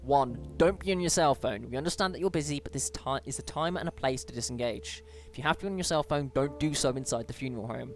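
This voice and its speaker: A British gamer casually commenting on a game and reading on-screen emails aloud, with chatty asides, small stumbles and sudden lifts in pitch. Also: quick pace, hardly any pauses, soft background music. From Britain. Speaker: let's play gamer.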